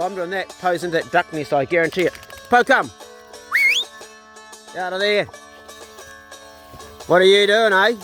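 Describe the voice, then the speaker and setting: A man's voice: high voice, a bit bright. A man chatting offhand about his dogs as he walks them on a farm, filmed on a handheld phone outdoors. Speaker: farm vlogger. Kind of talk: casual narration while walking.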